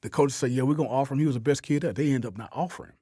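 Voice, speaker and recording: A man's voice: mid-range voice, racing, warm tone, breathy edge, no room sound, studio quality. A man hosting a casual podcast chat, telling football stories and acting out the voices of the people in them. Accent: New Orleans. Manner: storytelling, acts out quoted voices, repeats words. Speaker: host, football coach.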